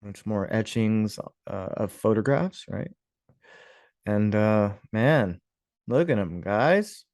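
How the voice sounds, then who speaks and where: A man's voice: lowish voice, expressive, slow pace, a little mellow, no echo. Dry, musing male history vlogger. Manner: musing, sarcastic asides, frequent "guys" and chuckles. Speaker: history video host. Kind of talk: casual commentary over images.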